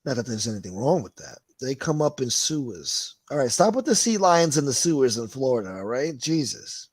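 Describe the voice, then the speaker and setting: Here a livestream host reads out chat messages in a mid-range voice that's brisk and very animated, recorded without echo. His talk is casual and profane, rambling along with plenty of cursing and laughter.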